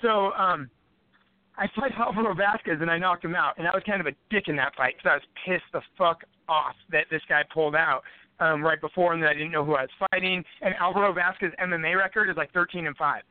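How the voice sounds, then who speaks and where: A man with a high voice rattles off a profane, rambling story at a quick clip. The sound is tinny and phone-like, with a dry, close room. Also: smooth, no room sound. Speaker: podcast guest, fighter. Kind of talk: casual storytelling.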